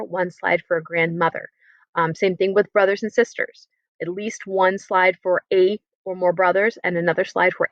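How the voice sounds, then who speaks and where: A woman's voice: lowish voice, fairly bright tone, no room sound. Upbeat woman teaching French vocabulary. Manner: upbeat, encouraging, spells words out slowly. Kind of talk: recorded remote lesson. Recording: dry, slightly dull computer-mic audio.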